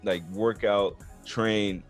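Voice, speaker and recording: A man's voice: on the low side, steady tone, very slow, soft background music. A man hosting a sports podcast in casual chat, talking earnestly and calling his guest "man" and "bro". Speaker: podcast host.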